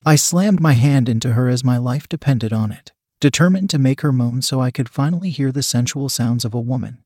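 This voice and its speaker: A man narrating a story in the first person, reading at a steady, even pace. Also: mid-range voice, a little fast, dry recording, clean studio sound. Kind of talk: scripted narration.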